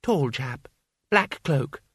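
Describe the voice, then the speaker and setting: A man's voice: medium pitch, expressive, very slow, a bit bright, husky, dry recording, clean studio sound, heavily acted. A man voicing a small, cheerful old monk who speaks placidly and pleasantly in an audiobook reading.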